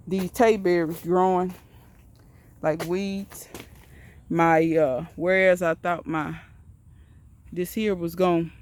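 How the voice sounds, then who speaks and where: A woman's voice: fairly low pitch, dark tone, slight background noise. Folksy woman touring her garden. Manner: folksy, rambling, talks straight to viewers. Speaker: home gardener giving a garden tour. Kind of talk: casual walk-and-talk tour. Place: outdoor backyard garden and greenhouse.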